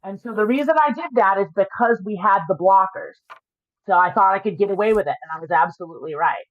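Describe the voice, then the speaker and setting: A woman's voice: mid-range voice, no echo. Joking, profane woman poker streamer. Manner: joking, profane, quick to explain. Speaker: poker streamer explaining her play. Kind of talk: livestream commentary. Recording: dry, slightly dull lo-fi audio.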